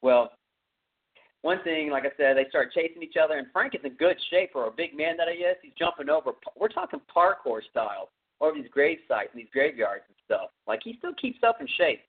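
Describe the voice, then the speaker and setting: A man's voice: fairly high pitch, big pitch swings, fairly quick, breathy edge. A man with a Texan accent hosting a podcast, casually retelling a horror movie's plot in a rambling way full of fillers. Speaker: podcast host. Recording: tinny phone-like audio.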